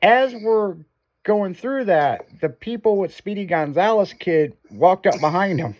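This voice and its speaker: Profane, animated storytelling man. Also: high voice, unhurried. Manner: profane, animated storyteller who acts out quotes. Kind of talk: casual storytelling chat.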